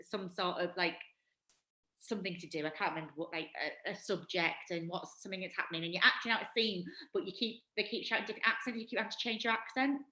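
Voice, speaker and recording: A woman's voice: mid-range voice, fast talker, sharp tone, reverberant, poor audio. A woman from Northeast England with a Northeast English accent, hosting a casual livestream chat, giggly and self-deprecating. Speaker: host.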